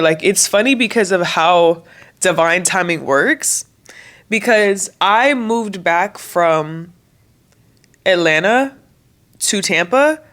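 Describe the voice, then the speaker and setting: Near tears, a young woman in a vlog talks candidly and chattily to camera, her fairly low, slightly bright voice on the edge of cracking with emotion.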